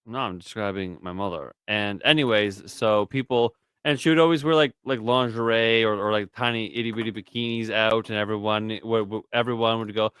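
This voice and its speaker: A man's voice: on the low side, fairly quick, few pauses, fairly bright tone, clear, resonant tone, no echo, clean studio sound. A man hosting a casual stream chat, rambling and swearing freely. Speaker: stream host.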